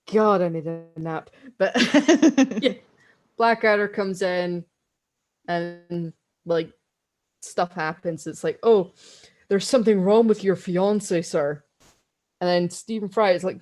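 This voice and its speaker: A young Scottish woman co-hosting a podcast, telling long stories in casual chat and laughing often. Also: fairly low pitch. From Scotland. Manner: rambling, giggly storytelling. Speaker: podcast co-host.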